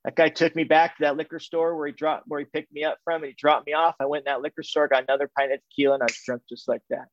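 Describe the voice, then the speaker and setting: On the high side with little pitch movement and no echo, a middle-aged Californian man speaks to a recovery group about his own experience. His candid account is repetitive and halting, full of restarts, and the audio is dull, dry and muffled.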